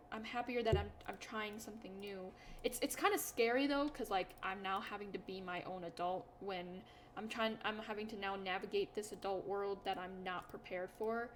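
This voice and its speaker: A woman's voice: mid-range voice, slight background noise. A young woman chatting casually to her viewers, telling self-deprecating stories in a rambling way with lots of fillers and restarts. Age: young adult. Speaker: YouTuber. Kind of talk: casual chat to camera.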